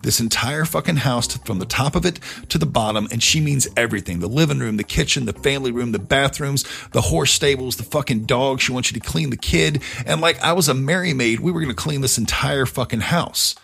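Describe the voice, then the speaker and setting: A man's voice: mid-range voice, brisk, gravelly, hardly any pauses, fairly bright tone. A middle-aged man hosting a podcast, telling a story in a casual, profane, conversational way. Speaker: podcast host.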